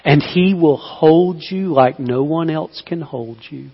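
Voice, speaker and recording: A man preaching a sermon, moving between slow, hushed appeals and loud, pleading cries. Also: a little high, husky. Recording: dull sound with long hall reverb.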